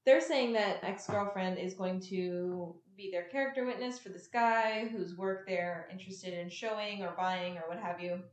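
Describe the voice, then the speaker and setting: A woman's voice: medium pitch, normal speed, hardly any pauses, reverberant. A woman co-hosting a podcast, chatting casually as she recaps a TV episode and acts out the characters' lines. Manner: chatty, animated, acts out quotes. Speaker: podcast co-host. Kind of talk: casual chat recapping a show.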